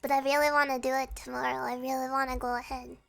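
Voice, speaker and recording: Feverish high bright-voiced woman streamer. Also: flat delivery, fast talker, vocal fry. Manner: fretful, rambling, laughs often. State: sick and feverish, voice strained. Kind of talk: casual livestream chat.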